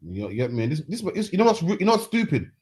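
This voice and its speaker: A man's voice: fairly high pitch, huge pitch swings, very fast, darkish tone, slightly rough. A man hosting a reaction commentary, heated and mocking, ending phrases with "man". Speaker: host. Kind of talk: street preaching reaction commentary.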